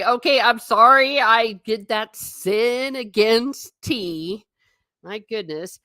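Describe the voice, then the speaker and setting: A woman's voice: on the high side, slow pace, pushed and bright, no room sound, clean studio sound. A woman vlogger chatting casually with her viewers, giggly and self-mocking. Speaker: travel vlogger reading live chat. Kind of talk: casual live-stream chat.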